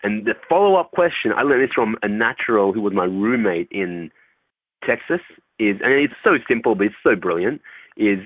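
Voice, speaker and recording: Speaking animatedly at normal speed in a fairly low voice, a guest dating coach chats loosely in an interview, cursing and acting out phone calls. The recording is dry and sounds tinny, like a phone line.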